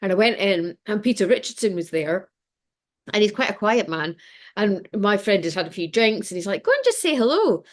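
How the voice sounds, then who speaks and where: A woman's voice: medium pitch, normal speed. A middle-aged Scottish woman, a podcast guest, telling stories in a chatty, self-mocking way and laughing often. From Scotland. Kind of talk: casual podcast interview.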